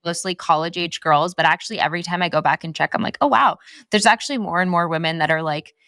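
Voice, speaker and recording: A woman in her twenties hosts a podcast in a relaxed, chatty way, with lots of "like" fillers. Her voice is very low and gravelly with vocal fry. The sound is close and dry. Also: quick pace, dry recording. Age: 20s. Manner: chatty, filler-heavy with frequent "like". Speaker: podcast host. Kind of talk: casual interview chat.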